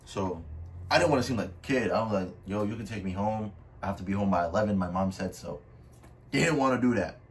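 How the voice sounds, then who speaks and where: A young man on the low side of the pitch range tells a storytime a little fast and in a casual way. His talk is slangy, peppered with "bro" and "I was like," and the somewhat distant mic catches faint room noise.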